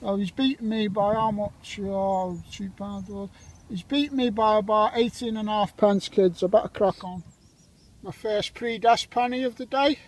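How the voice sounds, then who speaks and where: Chatty man with a high voice detecting outdoors. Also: low-quality recording. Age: 40s. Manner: chatty, jokey, gives shout-outs to friends. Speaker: metal detecting vlogger. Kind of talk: casual commentary while detecting outdoors. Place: outdoor field.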